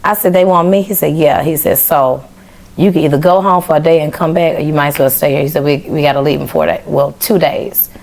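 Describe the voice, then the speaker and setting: Her voice is deep, gravelly and fairly fast. She's a young woman from Memphis, Tennessee, appearing as a podcast guest and animatedly voicing the lines of dialogue as she tells her story casually.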